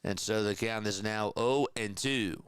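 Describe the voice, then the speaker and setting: A young man doing radio-style baseball play-by-play on a live stream, calling pitches and greeting viewers in the chat. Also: clean tone, no echo. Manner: steady, measured game calls.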